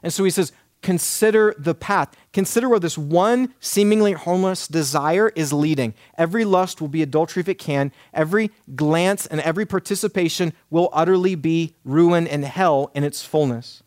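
Earnest man preaching, slightly high voice. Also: moderate pace, hardly any pauses, a little mellow, dry recording, studio quality. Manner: earnest, emphatic preaching with repeated lists. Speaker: pastor. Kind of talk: sermon.

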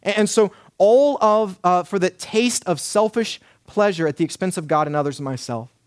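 A man's voice: sits high, normal speed, clean tone, dry recording, studio quality. A man in his thirties preaching a sermon, earnest and emphatic, building points through repeated lists. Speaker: pastor.

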